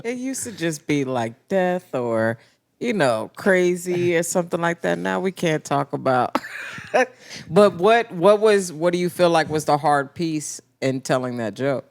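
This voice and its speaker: A man's voice: fairly high pitch, animated. A man hosting a podcast, asking questions in casual chat, laughing easily and agreeing often. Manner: laughs easily, lots of quick agreeing yeahs. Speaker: podcast host.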